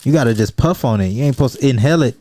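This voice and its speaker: Young male co-host, laid-back slang, dark voice, dry close sound. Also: mid-range voice, racing, no echo. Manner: laid-back, slangy, swears a lot, short replies. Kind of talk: casual chat.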